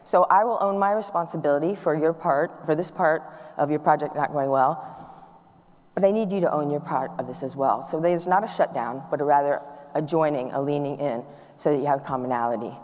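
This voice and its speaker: A woman's voice: low voice, fairly quick. A middle-aged woman giving a talk to an audience, telling stories with acted-out dialogue. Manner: warm, animated storytelling with acted-out dialogue. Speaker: speaker. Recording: long hall reverb.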